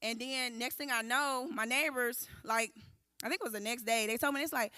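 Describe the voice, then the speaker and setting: A woman, giving an animated personal testimony at a church recovery service and acting out the voices in her story. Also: a little high, brisk, smooth, dry recording, clean studio sound. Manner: animated storytelling, acting out quotes, addressing the room as y'all.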